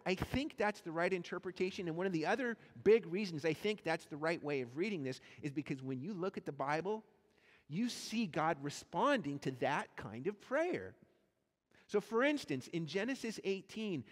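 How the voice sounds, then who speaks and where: A male pastor preaching a sermon, animated and acting out the voices in the stories he tells. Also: a little high. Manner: animated, acts out quoted voices in his storytelling. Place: church sanctuary. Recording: long church hall reverb.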